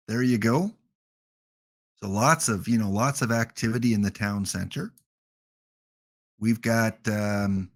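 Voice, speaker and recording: A man with a Canadian accent hosting a gaming livestream, chatting casually with jokey, rambling asides. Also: on the low side.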